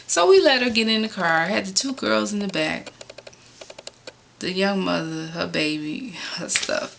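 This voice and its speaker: A woman from Chicago recounts her own story in a loose, chatty way, her voice bright and ringing. When she gets exasperated, her pitch jumps sharply upward. A faint hiss sits under the recording. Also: lively intonation, moderate pace, creaky. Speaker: vlogger telling a personal story. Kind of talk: casual storytelling.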